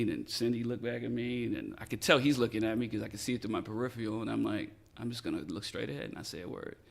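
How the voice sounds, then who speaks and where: A retired police detective in middle age speaks at medium pitch with a creaky quality. As a guest on a podcast interview, he spins an animated story, cursing freely and voicing each line of quoted dialogue himself.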